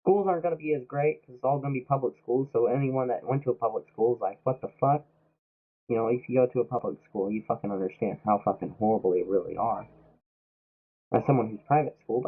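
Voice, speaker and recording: Sick but still streaming a game, a young man rages about politics, cursing nonstop and mock-quoting people. His voice is husky and medium-pitched, and the recording has a tinny, phone-quality lo-fi sound.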